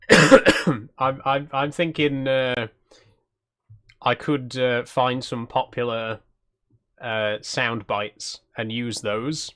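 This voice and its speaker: A man's voice: mid-range voice, fairly even intonation, very slow, pauses often, a bit bright. A man streaming a cozy game, chatting casually, laughing often and poking fun at himself. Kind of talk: live stream gameplay commentary.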